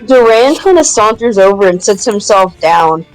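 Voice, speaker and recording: A woman describes her character's moves in a relaxed, offhand way, swearing casually. She is a player at a tabletop game, with faint music beneath her. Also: medium pitch, moderate pace, dry recording, low-quality recording. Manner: laid-back, cursing. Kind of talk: casual tabletop play narration.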